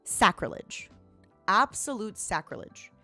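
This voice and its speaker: A woman's voice: medium pitch, animated, slow, bright, forceful tone, soft background music. A woman streamer in casual chat, telling a story dramatically and animatedly.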